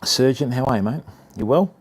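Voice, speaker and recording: A man's voice: mid-range voice, animated, fairly quick, breathy edge. A young Australian man streaming live, chatting casually to viewers while demonstrating.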